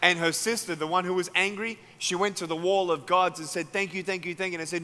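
A man with an Australian accent, preaching a sermon as an evangelist and telling a story, acting out each person's words and building to loud climaxes. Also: high-pitched, steady tone, fast talker, some chatter behind, slight background noise. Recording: long hall reverb.

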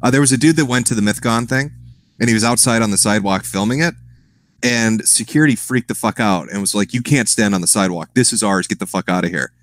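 A man's voice: on the low side, fast, fairly bright tone. A man chatting casually as a stream guest, rambling, swearing often and laughing at his own jokes. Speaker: guest on a live stream show. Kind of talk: casual profane chat.

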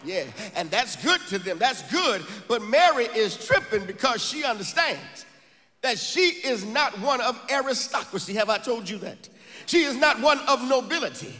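High-voiced preaching man, ringing hall. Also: animated, normal speed. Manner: preaching with call-outs and sung, shouted phrases. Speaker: pastor. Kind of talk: sermon. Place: church sanctuary.

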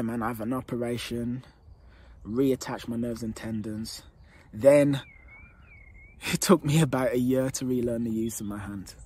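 A man working as a dating coach, telling his own story to camera in a candid, earnest way. He repeats phrases for emphasis and sometimes drops to a hushed tone. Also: mid-range voice, husky.

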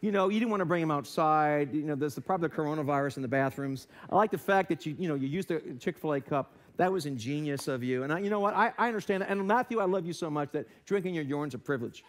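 Animated high-voiced American pastor preaching. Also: male voice, fast talker, hardly any pauses. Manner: animated, self-deprecating storytelling with acted-out voices. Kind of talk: sermon with storytelling. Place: church sanctuary.

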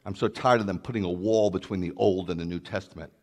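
A man preaching as a rabbi, emphatic and building to loud declarations. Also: deep voice, fairly even intonation, fast talker. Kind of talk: sermon.

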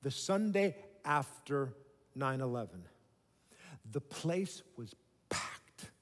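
A man preaching a sermon as a pastor, emphatic and conversational, with dramatic pauses. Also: mid-range voice, very animated. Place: church sanctuary. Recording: long hall reverb.

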